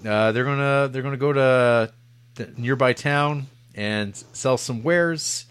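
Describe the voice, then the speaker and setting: A man's voice: medium pitch, takes it slowly, fairly bright tone, smooth, no echo. A man hosting a casual film review podcast, rambling and joking as he sums up the story. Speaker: podcast host.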